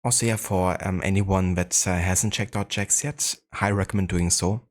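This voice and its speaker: A man's voice: sits low, steady tone, normal speed. A man with a German accent chatting casually on a live game stream, greeting viewers in a laid-back way with frequent fillers.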